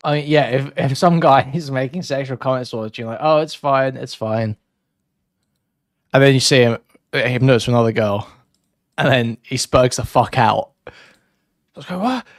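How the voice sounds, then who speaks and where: A man's voice: mid-range voice, fairly quick, no echo, studio quality. A man on a panel in a heated online debate, blunt and crude, mocking the other side.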